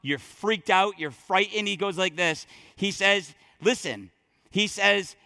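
A man preaching a sermon to his congregation, talking straight to them with emphatic, conversational delivery that drops low and surges back up. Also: lively intonation, moderate pace, sharp tone. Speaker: pastor. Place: church sanctuary.

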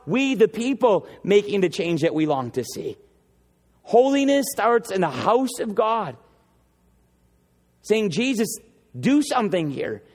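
A male pastor with a high-pitched voice delivers an impassioned sermon in a church sanctuary. He stacks repeated phrases and slows right down to land each point. The long reverb of the hall rings behind every phrase. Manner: impassioned preaching with repetition, slowing for emphasis.

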